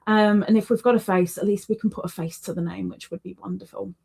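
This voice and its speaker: A woman's voice: mid-range voice, fairly even intonation, fast talker, gravelly, mellow, breathy edge. A woman hosting a casual livestream, chatty and repeating words for emphasis. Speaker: livestream host.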